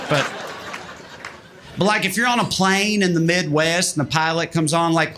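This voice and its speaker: A man's voice: on the high side, normal speed, long pauses, background noise. A man with a Southern US accent doing self-deprecating stand-up and trying on regional voices. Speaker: stand-up comedian. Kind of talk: stand-up observational comedy.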